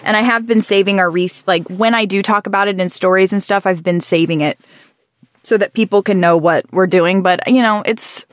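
A woman in her thirties talks with a groggy morning voice in a relaxed, rambling way. She often restarts and corrects herself mid-sentence. Her voice is mid-pitched, and the recording is dry and close. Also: normal speed, no room sound. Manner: chatty, rambling with frequent restarts and self-corrections. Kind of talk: casual conversational chat.

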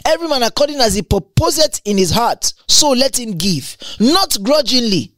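Animated woman teaching from the Bible. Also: fairly high pitch, moderate pace, no echo. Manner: animated, exclamatory, stumbles and repeats words.

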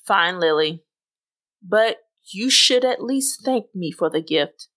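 A woman voicing a smug, condescending male coworker who speaks in an even, patronizing tone, in a read-aloud story. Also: mid-range voice, takes it slowly.

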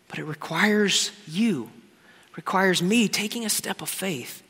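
A man preaching a sermon with passion, moving between loud exclamations and quiet asides. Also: sits high, unhurried, breathy edge. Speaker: pastor. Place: large church hall. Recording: long hall reverb with faint music.

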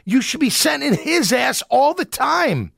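A man's voice: very high voice, sing-song, unhurried, gravelly, fairly bright tone, no room sound, studio quality. A man hosting a sports talk show, giving fired-up, emphatic, rambling opinions.

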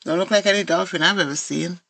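A woman's voice: fairly low pitch, fast talker, creaky, fairly bright tone. A woman with an Antiguan accent voicing a laid-back, friendly young male jellyfish in a children's story, talking in breezy, easygoing banter.

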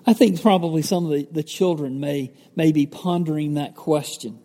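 A man preaching a Bible-teaching sermon in a slightly high, mellow voice. He talks in a relaxed, conversational way, pausing with fillers and correcting himself. His voice carries a long reverb, as if in a large church hall. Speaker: pastor.

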